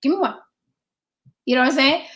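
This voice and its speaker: Speaking a little fast in a high, fairly bright voice, a woman runs a discussion podcast. Her delivery is emphatic and full of profanity, and she leans on repeated rhetorical questions to make her case.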